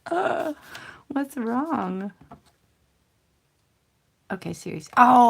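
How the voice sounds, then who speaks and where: A woman's voice: medium pitch, big pitch swings, slow pace, vocal fry, long pauses, slight background noise. A woman in her thirties hosting a casual crafting livestream, chatting to viewers in a self-deprecating, rambling way. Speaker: crafting channel host. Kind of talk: casual livestream chat while stamping and coloring.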